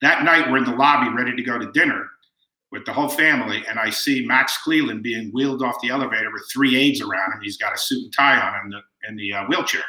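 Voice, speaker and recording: A middle-aged man with a mid-range voice speaks quickly as a guest on a storytelling interview, sharing warm family anecdotes and quoting people along the way. The recording is reverberant and low in quality.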